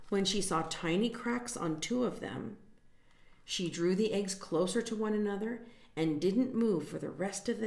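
Woman, storytime reader, gentle, explains words to children, mid-pitched voice, echoey room. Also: gravelly. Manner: gentle, stops to explain words and point at pictures. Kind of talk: reading a picture book aloud to children.

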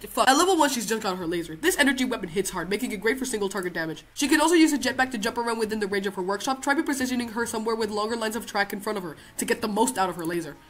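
A young woman giving loud, excitable gameplay commentary, swearing now and then and reading out game text. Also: fairly high pitch, rapid-fire, few pauses. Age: young adult. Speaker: gaming video creator.

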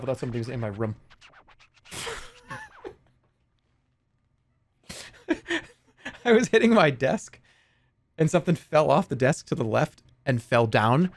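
A man streaming from his room at home, chatting casually in a joking, excitable way with sudden loud outbursts. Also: mid-range voice, moderate pace, long pauses, faint music behind. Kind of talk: casual live-stream chat.

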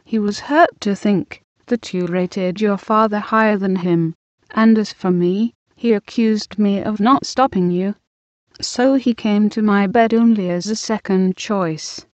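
A woman's voice: medium pitch, darkish tone, no echo, natural voice. Woman reading as defiant bitter young wife. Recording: dull dry lo-fi recording.

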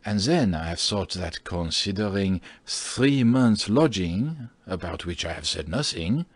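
A man's voice: sits low, animated, husky, no room sound, exaggerated voice. A man reading a timid, fawning landlord. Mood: nervous. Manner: slow, hesitant speech with fillers. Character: timid middle-aged male landlord, fearful, fawning.

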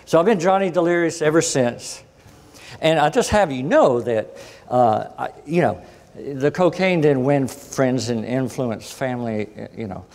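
A man giving a storytelling lecture as a guest speaker, animated and acting out the voices of people he quotes. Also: mid-range voice, unhurried. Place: conference hall. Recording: long hall reverb.

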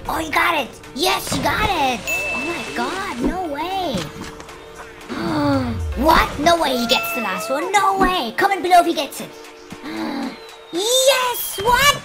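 A woman hosts a reaction video in a high, lively voice, gasping and laughing at each clip. She speaks slowly and stretches her words. Music plays clearly underneath her. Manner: gasping, laughing, exclaiming at clips. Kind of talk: excited video reaction commentary.

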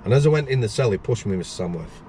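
A man's voice: fairly low pitch, animated, very fast, mellow, a little hiss or hum. A middle-aged man, a former prison officer and the show's host, telling rambling anecdotes with frequent restarts and acting out other people's voices. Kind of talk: casual storytelling chat.

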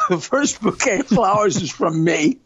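A woman voicing a male surgeon who calmly reassures a patient in a joke. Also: unhurried, slightly rough, dull audio. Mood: soothing. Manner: low, calming.

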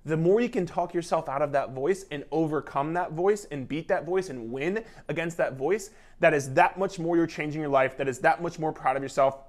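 A man's voice: a little high, fairly quick, hardly any pauses. A man coaching viewers on weight loss in an emphatic, repetitive pep-talk style, casual and sometimes swearing. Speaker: fitness coach. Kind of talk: motivational talk to camera.

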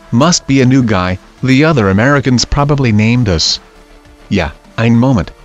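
A man reading scary stories aloud in a steady, even narration. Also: mid-range voice. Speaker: story narrator. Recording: dull lo-fi audio with faint music.

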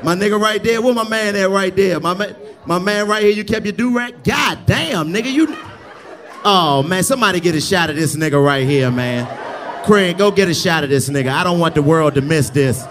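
A male stand-up comedian roasting the audience with loud, brash crowd work, often yelling and cursing. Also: high-pitched, normal speed. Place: live comedy club ballroom. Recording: live club with crowd noise.

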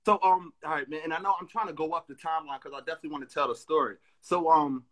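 Host guy, slightly high voice, asks questions and nudges the story along. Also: fairly even intonation, racing, over a noisy crowd. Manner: encouraging, steers the timeline with questions. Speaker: podcast host. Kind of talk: casual interview.

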